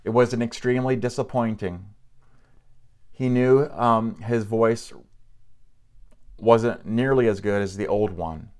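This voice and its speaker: A man narrating an audiobook in a low, smooth, resonant voice. He reads steadily, now and then tripping and restarting a word. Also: unhurried, long pauses. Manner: steady reading with occasional stumbles and restarts.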